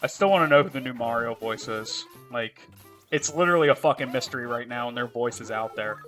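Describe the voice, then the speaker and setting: A man's voice: mid-range voice, brisk, a bit bright, faint music behind. A man streaming a game live, chatting casually in a profane, joking, rambling way. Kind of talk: casual chat while playing a game live.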